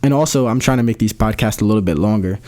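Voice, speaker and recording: Young male podcast host, lower-pitched, casual and slangy, talks loosely with restarts. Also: fast, darkish tone. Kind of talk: solo podcast update.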